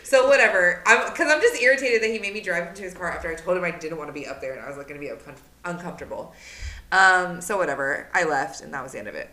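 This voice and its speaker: A young woman in her twenties who co-hosts a podcast, telling a story casually, animated and swearing a lot. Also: fairly low pitch, quick pace. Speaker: podcast co-host. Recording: roomy echo.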